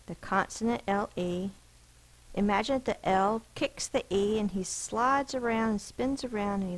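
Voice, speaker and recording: A woman's voice: mid-range voice, poor audio. A woman teacher giving a recorded spelling lesson, patiently explaining rules and sounding out each letter and syllable.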